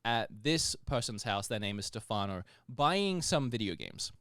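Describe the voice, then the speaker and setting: Telling stories with plenty of laughter, another male podcast co-host chats casually in a lowish, fairly bright voice. His pitch swings widely while his speed stays normal, and the recording is echo-free and studio quality.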